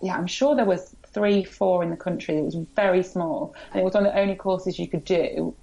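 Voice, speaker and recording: English woman, gravelly low voice, frank and self-deprecating, dull lo-fi sound. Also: a little fast, warm tone. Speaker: podcast guest, blogger. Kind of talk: casual interview chat.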